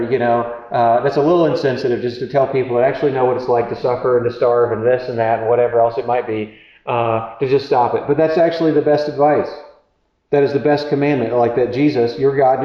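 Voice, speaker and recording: A man gives a sermon in a loose, conversational way, stumbling over restarts and fillers as he works through scripture. His voice sits at an ordinary male pitch. It is recorded in an echoey room with a slightly dull sound. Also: fairly even intonation, brisk. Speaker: pastor.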